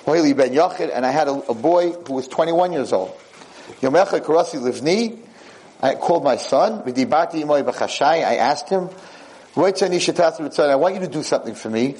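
A man giving a religious lecture, telling a story in a lively way and acting out what the characters say. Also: a little high, fairly quick, poor audio.

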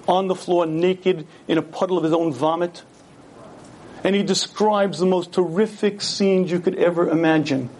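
A man's voice: high-pitched, a little mellow. A man giving an earnest Torah lecture, telling stories and asking his listeners rhetorical questions.

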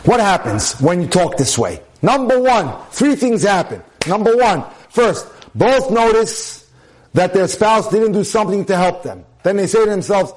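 Male rabbi, fairly high-pitched, giving a Torah class on relationships in an emphatic style. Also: very animated, normal speed. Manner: emphatic, repeats phrases for stress, drops in Hebrew terms. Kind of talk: relationship lecture.

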